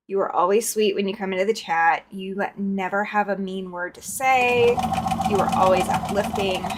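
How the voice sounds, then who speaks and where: A woman's voice: medium pitch, slight background noise. A woman hosting a live quilting stream, chatting casually and greeting viewers by name while she sews. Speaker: quilting livestream host.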